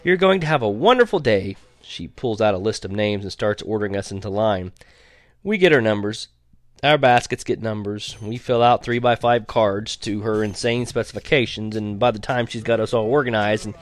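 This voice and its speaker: A man's voice: lowish voice, fairly even intonation, normal speed, dry recording. A man narrating a teen story as an audiobook, in a wry, sarcastic tone that breaks into laughs.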